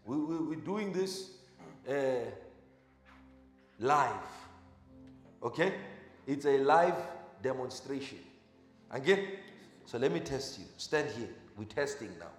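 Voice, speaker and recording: A man preaching as a pastor. He quizzes the congregation with short questions, then gives quiet instructions during a live demonstration. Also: medium pitch, animated, takes it slowly, pauses often. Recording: echoey hall with music behind.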